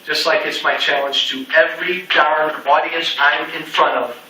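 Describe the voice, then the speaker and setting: A middle-aged man campaigns before a meeting-room audience, his slightly high voice bright and forceful yet steady, at a normal pace. He hammers slogans with folksy asides, recorded from a distance in an echoey room.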